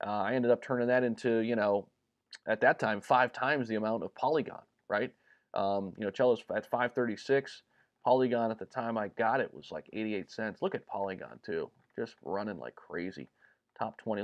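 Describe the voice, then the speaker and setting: A man hosting a casual livestream, chatty and upbeat, filling pauses with ums and uhs as he talks to viewers. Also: fairly low pitch. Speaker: crypto livestream host.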